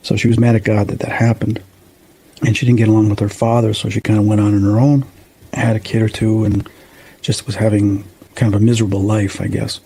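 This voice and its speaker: Gravelly low-voiced man telling a story. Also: little pitch movement, mellow, poor audio. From Chicago suburbs, USA. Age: 50s. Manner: rambling, halting with restarts and fillers. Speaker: paranormal investigator guest. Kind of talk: casual storytelling interview.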